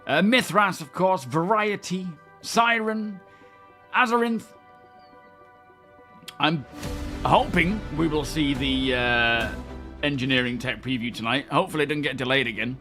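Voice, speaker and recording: A man's voice: on the high side, animated, unhurried, long pauses, bright, forceful tone, faint music behind. A young man streaming a game, chatting casually and greeting his viewers by name. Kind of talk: casual live-stream chat.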